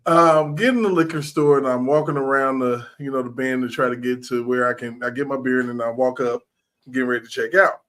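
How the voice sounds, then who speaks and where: A man hosting a podcast, telling stories in a loose, animated way, acting out quotes and swearing freely. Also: medium pitch. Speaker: podcast host. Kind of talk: casual chat.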